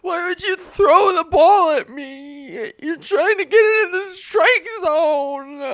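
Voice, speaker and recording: A wounded male ballplayer whines and sobs, his voice pushed up high and wavering as he pleads for an apology, as a woman puts him on. The sound is dry and close, with no room around it. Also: slow pace, a bit bright, dry recording, exaggerated voice. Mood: tearful pleading. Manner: weepy, pleading, sobbing.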